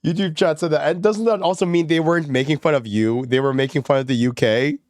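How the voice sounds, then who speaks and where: A young VTuber streamer chats casually with his viewers while gaming, laughing a lot and rambling. He talks fast in a voice on the high side with a darkish tone, recorded with studio quality and no room sound.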